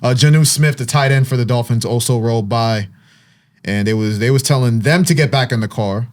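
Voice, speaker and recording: A man hosting a relaxed sports chat, recapping the news in a loose, animated way with plenty of "uh"s and trailing restarts. His voice sits in a middle register, neither high nor low. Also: brisk. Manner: animated storytelling, frequent fillers. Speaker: podcast host. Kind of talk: casual sports talk.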